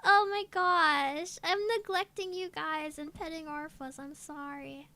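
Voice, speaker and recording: A woman's voice: high voice, fairly even intonation, unhurried, sharp tone. A young woman streaming as a VTuber, chatting casually with her viewers in a giggly, gushing way, stretching out her exclamations. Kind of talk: casual live-stream chat.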